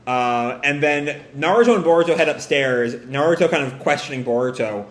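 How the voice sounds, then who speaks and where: A man's voice: on the high side, brisk, fairly bright tone. A man reading a manga chapter aloud and reacting casually, hedging with fillers. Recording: roomy echo.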